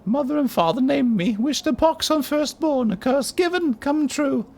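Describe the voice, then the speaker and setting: A man's voice: extremely high pitch, lively intonation, normal speed, gravelly, darkish tone, pitched above the performer's own voice, heavily acted. A man voicing a hunched, rash-covered undead creature who talks like a ten-year-old girl, using broken grammar and ending lines with "hi". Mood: odd, childlike.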